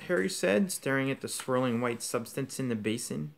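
A man's voice: mid-range voice, lively intonation, normal speed, vocal fry, few pauses. A man reading a novel aloud as an audiobook, telling the story expressively. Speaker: audiobook reader.

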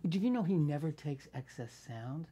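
A man's voice: on the high side, normal speed, slightly rough. A man in his sixties, an actor as guest, telling anecdotes in a casual interview, swearing freely and acting out quoted lines. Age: 60s. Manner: animated storyteller, swears freely, acts out quotes.

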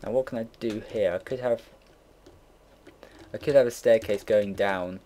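At a moderate pace and with a fairly low, mellow voice carrying a little hiss or hum, a young man in his late teens narrates a computer build. His casual gameplay commentary rambles and includes casual swearing, while keyboard typing and mouse clicks sound in the background.

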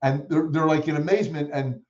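A man telling stories as a guest in an interview, acting out the people he quotes with lively energy. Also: fairly high pitch, a little fast, echoey room, dull audio. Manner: animated storyteller who acts out quoted voices. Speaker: guest speaker. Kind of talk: storytelling in a podcast interview.

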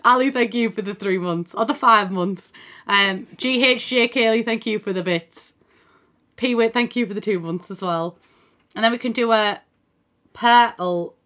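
Her voice sits on the high side, a bit bright and at normal speed, as she streams a game from her home computer through a desk mic in front of the screen. She talks casually, mulls things over out loud, reads chat messages, and occasionally curses.

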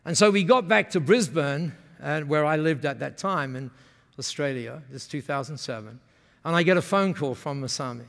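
A man's voice: a little high, normal speed, gravelly, fairly bright tone. A man giving an enthusiastic storytelling keynote at a business forum, asking the audience questions, recorded in a large conference hall. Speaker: keynote speaker. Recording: long hall reverb.

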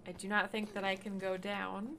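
A woman's voice: mid-range voice, level tone, moderate pace, gravelly, bright, forceful tone, slight background noise. A woman streamer giving casual commentary as she plays a game, swearing freely and bursting into laughs and shrieks of surprise.

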